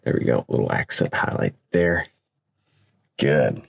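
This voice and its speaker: A man's voice: rumbling low, animated, measured pace, vocal fry, no echo, studio quality. A man demonstrating oil painting, talking casually and thinking aloud as he works, encouraging the viewer. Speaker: painting instructor.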